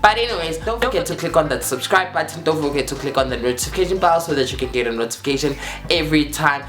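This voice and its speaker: A man vlogging a casual storytime, animated and dramatic as he acts out the dialogue. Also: a little high, fast talker. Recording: roomy echo, faint music.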